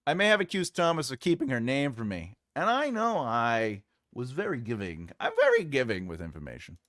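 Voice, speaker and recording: Animated male writer hosting a stream. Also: mid-range voice, moderate pace, hardly any pauses, dry recording, studio quality. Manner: jokey, rambling, mutters softly while writing. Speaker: writer and livestream host. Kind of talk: casual livestream chat while drafting.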